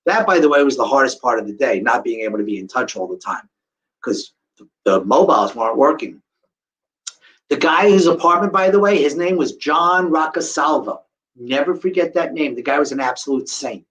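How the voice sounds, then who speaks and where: A middle-aged man recounts a survivor's story before a live audience in a slightly high voice. He tells it with lively energy and drops into the voices of the people he describes. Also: highs cut off. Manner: animated, acts out the voices of people in his story. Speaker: guest speaker telling a survivor story.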